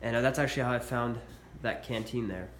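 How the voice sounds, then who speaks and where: Brisk and a bit bright, a mid-range male voice thickened by a cold runs through some military collectibles in a laid-back show-and-tell vlog. He's hesitant, with frequent uhs. The room is echoey and carries faint background noise.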